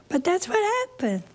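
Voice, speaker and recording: Slow-talking folksy woman preacher. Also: very high voice, fairly bright tone. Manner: folksy and chatty, laughing at her own asides; acts out characters in the story. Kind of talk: storytelling sermon to a live audience.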